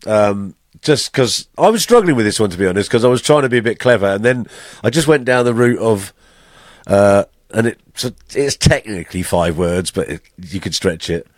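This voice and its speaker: A man's voice: on the low side, lively intonation, normal speed, no room sound, studio quality. A man co-hosting a casual podcast chat over drinks, joking and laughing often. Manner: jokey, laughs often, puts on silly animal voices. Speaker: podcast co-host.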